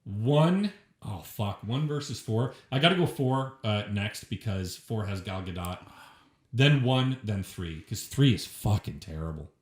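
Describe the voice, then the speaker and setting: A man's voice: fairly low pitch, animated, measured pace, roomy sound. A man co-hosting a podcast, reviewing movies in casual, profane, joking chat. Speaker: podcast co-host. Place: shared room, filmed.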